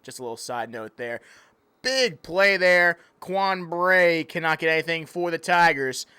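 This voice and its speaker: A man's voice: fairly high pitch, lively intonation, a little slow, bright, forceful tone, smooth, no room sound. A man calling play-by-play in a joking mock sports broadcast, playful and easily sidetracked. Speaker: play-by-play commentator.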